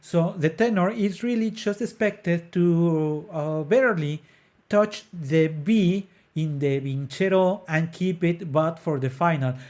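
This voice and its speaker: Earnest man explaining opera, slightly high voice. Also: slow pace, a little mellow. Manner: earnest and explanatory, hesitant with frequent "uh" fillers; breaks into sung phrases to demonstrate notes. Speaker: podcast host.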